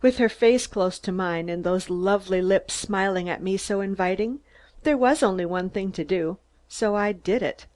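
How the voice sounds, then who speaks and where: A woman from Minnesota narrates an audiobook with a calm, even delivery. Her voice sits in a middle pitch, and she moves through the prose at a steady storyteller's pace. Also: moderate pace. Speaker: audiobook reader.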